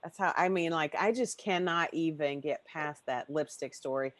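A woman's voice: sits low, moderate pace, dry recording. A woman hosting a podcast in casual chat, rambling and emotional, often running through long lists of questions. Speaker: podcast host.

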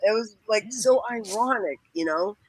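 A woman's voice: mid-range voice, lively intonation, normal speed, husky, no echo, poor audio. A woman telling a long personal story in casual conversation, laughing often and quoting people, with many fillers and restarts. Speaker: guest.

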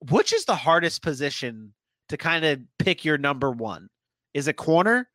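A man's voice: fairly high pitch, big pitch swings, moderate pace, bright, forceful tone, no room sound. A man co-hosting a casual sports podcast, chatty and thinking aloud with frequent restarts.

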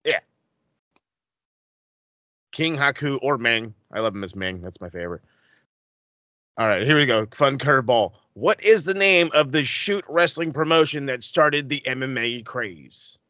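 Excitable bright-voiced man running trivia. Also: mid-range voice, measured pace, pauses often, dry recording. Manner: excitable, profane, rambling asides. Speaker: trivia quizmaster. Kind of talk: casual podcast trivia chat.

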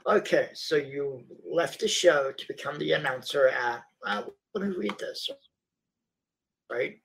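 A man co-hosting a casual live-stream chat, reading things out in a deadpan, unimpressed way. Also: fairly high pitch, unhurried, creaky, slight background noise, poor audio. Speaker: co-host.

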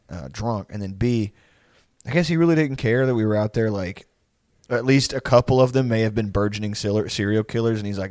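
Swearing, rambling young man, low voice. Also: fast, no echo, studio quality. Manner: rambling storytelling, heavy swearing, laughs often. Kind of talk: casual chat.

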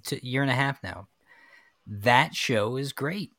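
A man's voice: medium pitch, measured pace, sharp tone, no echo. A man co-hosting a casual chat, talking with enthusiasm. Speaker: podcast co-host.

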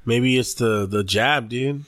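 A man's voice: medium pitch, slow pace, fairly bright tone, dry recording. A man co-hosting a podcast in laid-back, slangy casual chat, swearing freely. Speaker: podcast co-host.

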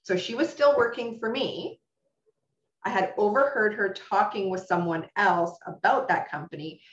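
A woman's voice: mid-range voice, normal speed. A woman who owns a salon, telling a story in a casual interview in a frank, blunt way that turns to swearing when she is upset. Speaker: salon owner. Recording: roomy, slightly dull sound.

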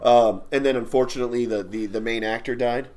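A man's voice: mid-range voice, fairly even intonation, brisk, a little mellow. Man, podcast co-host, casual chat, rambling, swearing.

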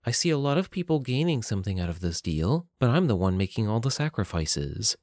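A flat, emotionless young woman captive, as a man reads her lines, calm and cold under threat. His voice sits low and stays dry, with no room around it. She sounds guarded and unmoved in a storybook reading. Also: fairly quick, dry recording. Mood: cold deadpan.

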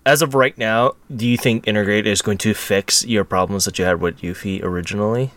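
A man co-hosting a casual gaming podcast, talking with quick self-corrections. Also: lowish voice, fairly even intonation, fairly bright tone. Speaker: podcast co-host.

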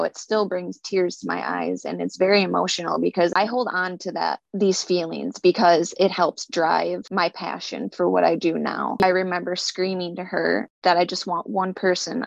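A woman with a low, flat, gravelly voice tells her own story earnestly and haltingly, sometimes stumbling over repeated words. The recording is dry and dull, like lo-fi audio. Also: dry recording. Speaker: speaker sharing a personal story. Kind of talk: personal testimony.

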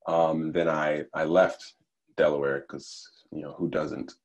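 A man from Nigeria who grew up in the United States, speaking as a podcast guest in a thoughtful, measured way with fillers and restarts. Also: a bass voice, level tone. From Nigeria, raised in the United States. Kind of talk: conversational interview.

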